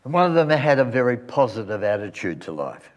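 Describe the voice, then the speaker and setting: A male pastor telling a story at the close of a sermon and leading a quiet prayer. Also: medium pitch, very animated, fairly quick, lo-fi sound. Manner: storytelling, then soft reverent prayer.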